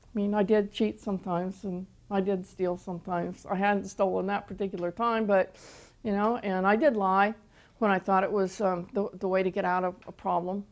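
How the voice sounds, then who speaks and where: An older woman teaching through personal testimony, soft-spoken and storytelling, often repeating words as she gathers her thoughts. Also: medium pitch, flat delivery, normal speed. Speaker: Christian teacher and author.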